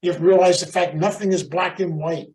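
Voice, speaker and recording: Guy giving a pep talk at a meeting, kinda high voice, mic sits a ways off. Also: a little fast, recorded from a distance, low-quality recording. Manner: animated, emphatic, chatty, calls out audience members. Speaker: speaker at a recovery meeting. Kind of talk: motivational storytelling talk to a live group.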